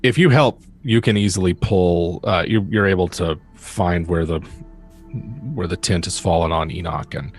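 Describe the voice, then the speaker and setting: A male game master narrating a tabletop game, pausing often with fillers as he describes each scene. His voice is low, with faint music in the background.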